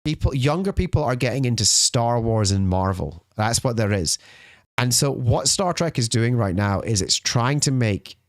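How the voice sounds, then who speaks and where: A man's voice: mid-range voice, expressive, normal speed, dry recording, studio quality. A man co-hosting a podcast in casual chat, ranting and repeating his words as he goes. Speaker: podcast co-host. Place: podcast studio.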